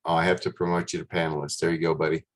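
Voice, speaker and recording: A man's voice: rumbling low, little pitch movement, very fast. A man hosting a casual group video call, upbeat and encouraging, greeting people by name. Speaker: host of an online call.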